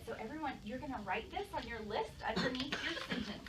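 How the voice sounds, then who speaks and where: A woman's voice: sits high, lively intonation, brisk, few pauses. Encouraging woman teaching a class. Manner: encouraging, praising, asks many questions. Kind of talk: classroom lesson with young pupils. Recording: distant mic, noisy classroom.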